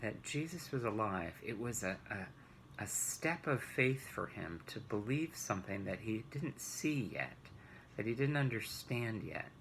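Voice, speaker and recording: Male children's Bible teacher, gentle storyteller, gravelly and slow-paced. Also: fairly low pitch, sing-song, slight background noise, poor audio.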